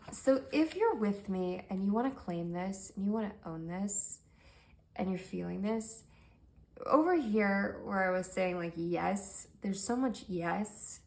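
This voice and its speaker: A woman giving a pick-a-card tarot reading in a soft, gentle, affirming way that sometimes sinks to a near-whisper. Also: fairly low pitch, a little hiss or hum. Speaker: tarot reader.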